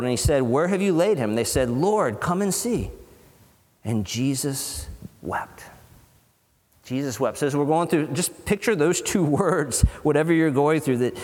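A man preaching a sermon as pastor, earnest and conversational, with dramatic pauses and acted-out quotes. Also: a little high. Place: church hall. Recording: long hall reverb.

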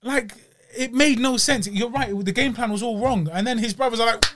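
A man's voice: very high-pitched, brisk, fairly bright tone. A man with a London accent, co-hosting a podcast and critiquing a boxing match in casual, slangy chat. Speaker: podcast co-host.

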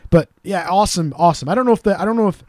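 A man telling stories in a casual, animated way as a podcast co-host, now and then doing quick voices of the people he quotes. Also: high-pitched, dry recording, clean studio sound. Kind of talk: casual storytelling chat.

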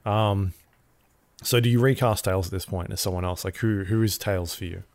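A man co-hosting a casual podcast in a slightly low voice. He tends to ask questions and often hesitates, restarting his sentences as he goes. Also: steady tone, moderate pace, a little mellow. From Australia. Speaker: podcast co-host. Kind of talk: casual chat.

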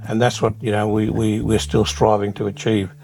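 An older Australian man answering interview questions in a measured way, often repeating words as he thinks. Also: fairly low pitch, flat delivery, creaky, darkish tone. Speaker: interview guest.

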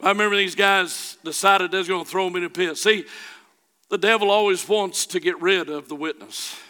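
A middle-aged man preaching a sermon, telling a folksy personal story that builds to shouting. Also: high voice, fairly even intonation, a little fast, clear, resonant tone.

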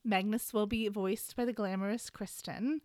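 A woman hosting a podcast, giving a chatty, animated casual recap of a book. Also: medium pitch, moderate pace, no room sound, studio quality. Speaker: podcast host.

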